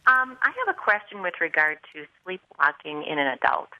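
A middle-aged woman calling a radio show, concerned and explaining in detail with many pauses. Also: deep voice, expressive, dry recording. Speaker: caller. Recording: dull phone line.

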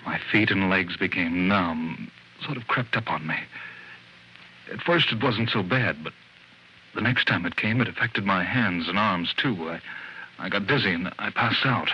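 A man's voice: deep voice, measured pace. A man playing a sick, frightened husband in an old radio drama, anxious and pleading, breaking into angry outbursts. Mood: weary. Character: frightened sick man in bed, growing panicked. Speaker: patient. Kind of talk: 1940s radio acting. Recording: old muffled radio broadcast, faint hiss.

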